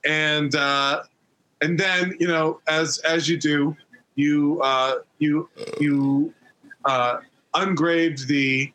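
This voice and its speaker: A man co-hosting a podcast in casual chat, recapping a story in rambling, halting bursts with many restarts. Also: fairly high pitch, fairly even intonation, pushed and bright, low-quality recording. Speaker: podcast co-host.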